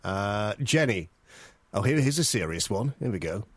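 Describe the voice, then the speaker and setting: A man's voice: fairly low pitch, lively intonation, normal speed, slightly rough, no echo. A man hosting a casual radio interview in a studio, joking and stumbling over his words as he chats. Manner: chatty, jokey, stumbles and laughs often. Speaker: radio host.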